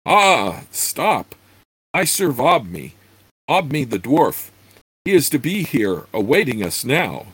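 A man's voice: mid-range voice, very animated, slow pace, a bit bright, slightly rough, no room sound, voice pushed up, heavily acted. A man voicing a wizened, wounded male gnome who pleads and curses while reading a fantasy novel aloud. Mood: desperate. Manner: shrieking, pleading. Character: dying wizened male gnome, desperate and hateful.

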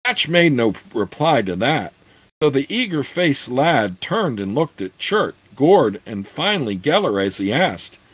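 A man reading a fantasy novel aloud, then pausing to comment with halting asides. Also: medium pitch, breathy edge, dry recording. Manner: slow, expressive, halting in asides. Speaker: reader.

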